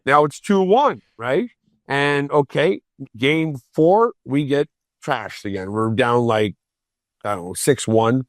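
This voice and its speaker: A man's voice: mid-range voice, takes it slowly, dry recording, clean studio sound. Profane man telling hockey war stories. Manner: profane, animated, acts out quoted voices. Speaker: podcast guest, former pro hockey player. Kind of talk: casual storytelling on a podcast.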